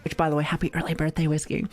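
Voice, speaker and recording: A woman's voice: low voice, completely flat delivery, very fast, a little mellow, soft background music. Giggly woman streamer chatting casually. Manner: giggly and playful, laughs often between lines; swears casually and chats to viewers. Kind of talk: casual live-stream chat.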